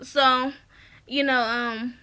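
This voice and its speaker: A woman's voice: high voice, level tone, drawn-out words, bright, forceful tone, smooth. A woman giving a casual, slangy recap of a reality show, blunt and opinionated and breaking into laughs. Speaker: TV show reviewer.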